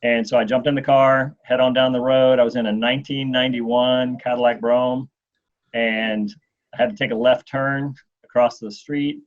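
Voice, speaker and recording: A man in his forties, a guest telling a long anecdote in an interview, animated and acting out what others said. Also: medium pitch, moderate pace. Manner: animated storyteller, acts out quotes. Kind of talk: storytelling in an interview. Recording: dull lo-fi sound.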